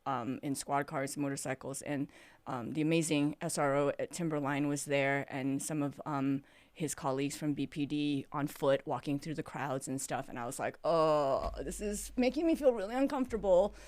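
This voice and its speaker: A middle-aged woman with a fairly low voice tells her story as a podcast guest. She is an animated storyteller who acts out what she said back then. The sound is dry and close, with no room echo. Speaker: former teacher, podcast guest.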